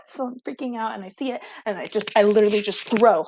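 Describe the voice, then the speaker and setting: Excitable young woman teacher telling a story. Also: mid-range voice, fast talker, slight background noise. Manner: animated, excitable, full of "like". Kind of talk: casual storytelling to students.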